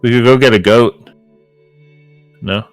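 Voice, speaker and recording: A man's voice: mid-range voice, fairly even intonation, a little slow, no room sound, soft background music. A man playing a tabletop game, chatting casually and joking with many fillers. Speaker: player.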